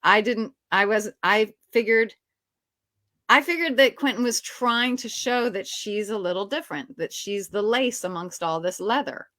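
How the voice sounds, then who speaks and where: A woman's voice: medium pitch, normal speed, fairly bright tone, no echo. Chatty woman telling stories, dry sound. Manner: chatty, frequent fillers like "you know". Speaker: actress guest. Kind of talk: casual storytelling interview.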